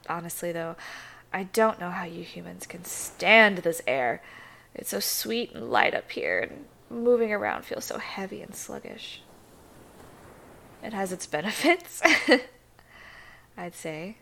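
A woman voicing a seductive, teasing female angler mermaid in a breathy, sultry whispered role-play. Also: on the low side, sing-song, slow, pauses often, fairly bright tone, exaggerated voice.

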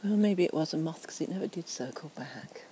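A woman, slightly tipsy, giving a soft, rambling, whispered night-time ASMR chat outdoors near trees and a fountain on a portable recorder. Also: sits low, expressive, a little fast, a little hiss or hum, poor audio.

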